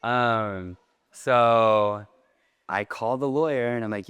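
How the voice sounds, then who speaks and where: A man telling a personal story to an audience in a large hall, in a lively way with many casual fillers. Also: fairly low pitch, takes it slowly, clear, resonant tone, clean studio sound. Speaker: speaker. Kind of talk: storytelling talk.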